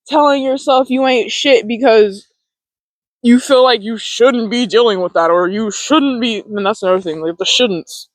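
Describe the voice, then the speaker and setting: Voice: medium pitch, no echo, rough recording. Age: unclear. Style: casual talk to camera. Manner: rambling, laughing. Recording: dry, close. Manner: rambling, laughing, lots of fillers. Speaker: self-help video host.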